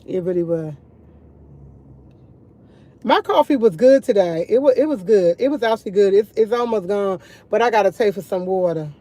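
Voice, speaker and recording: A woman's voice: medium pitch, lively intonation, moderate pace, dark tone. A woman chatting casually to her viewers over morning coffee, rambling and repeating herself as she tells stories. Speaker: vlogger.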